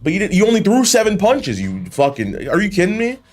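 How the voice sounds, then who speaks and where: Animated man reacting to wrestling memes. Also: sits high, fairly quick, faint music behind. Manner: animated, swearing, laughs often, rambling restarts. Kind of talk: casual reaction commentary.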